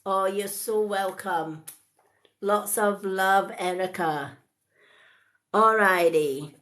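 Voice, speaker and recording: A woman giving a live psychic card reading in a chatty, rambling way, full of animated asides. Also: mid-range voice, slow.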